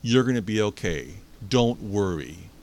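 A man playing a tall teenage boy who talks bluntly but softly. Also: fairly low pitch, expressive, a little slow, voice pushed down. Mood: reassuring. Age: teens.

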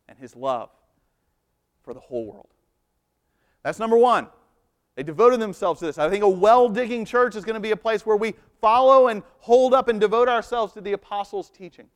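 A man's voice: high voice, clear, resonant tone. A man, likely in his thirties, preaching a Sunday sermon and telling stories with humor and shifting emphasis. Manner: storytelling with humor and varied emphasis. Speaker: pastor.

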